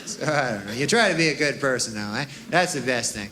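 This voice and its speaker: A man's voice: mid-range voice, lively intonation, fast talker. A man performing stand-up comedy on stage, with a rambling, dry delivery full of "you know" and "huh" tags. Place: stage before a live audience. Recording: live club recording with audience laughter and noise.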